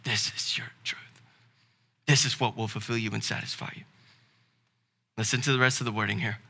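Man, pastor, Southern American accent, sermon, very bright tone, swings from loud emphatic preaching to quiet. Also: on the low side, steady tone, brisk, vocal fry.

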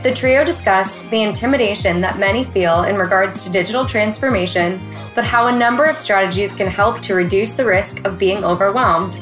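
A woman reads a scripted podcast intro in a smooth, even promo style. Faint music plays underneath her voice. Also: mid-range voice. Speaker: podcast announcer.

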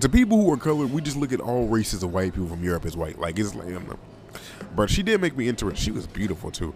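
A man's voice: lowish voice, big pitch swings, quick pace. A young man hosting a casual solo podcast, talking in a loose, rambling, slangy way and often repeating himself. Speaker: podcast host.

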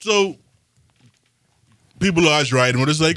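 A man telling a story to friends in a laughing, animated way. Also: a little high, moderate pace, pauses often, dry recording. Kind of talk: casual storytelling among friends.

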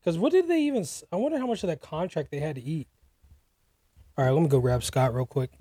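Young man, podcast co-host, laid-back slang, husky, mellow tone. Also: on the high side, animated, quick pace, dry recording. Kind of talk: casual sports chat.

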